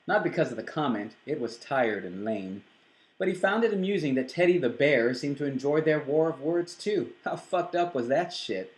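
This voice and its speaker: A man's voice: mid-range voice, reverberant, low-quality recording. A man reading a scene from his own novel aloud, voicing the characters in a near-plain voice with small stumbles. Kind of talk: book reading.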